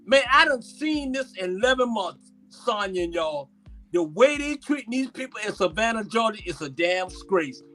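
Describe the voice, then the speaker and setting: A man's voice: high-pitched, very animated, moderate pace, a bit bright, faint music behind. A man, speaking as a talk-show panelist in a fiery, preacherly way, stretching out words for emphasis. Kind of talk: impassioned political talk.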